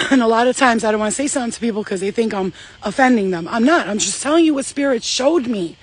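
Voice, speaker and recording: A woman's voice: on the high side, lively intonation, quick pace, slightly rough. A woman speaking as a spiritual medium in a casual channeling vlog, rambling, emphatic and swearing freely.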